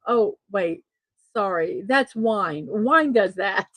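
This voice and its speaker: Slow, chatty middle-aged woman host. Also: mid-range voice, lively intonation, a bit bright, no room sound, poor audio. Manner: chatty, laughs at her own jokes, restarts often. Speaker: host of a daily morning show. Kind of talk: casual solo show, reading memes aloud.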